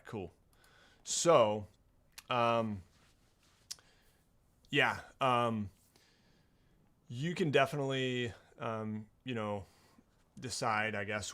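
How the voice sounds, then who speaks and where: A man running a tabletop game speaks slowly with a gravelly edge. He hesitates often and fills the gaps with ums. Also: on the low side, fairly bright tone. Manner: unhurried, hesitant, lots of fillers. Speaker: game master.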